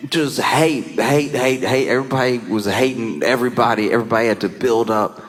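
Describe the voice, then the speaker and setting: A male comedian telling a stand-up bit with lively storytelling, laughing through his lines and jumping into quick voiced asides. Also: medium pitch.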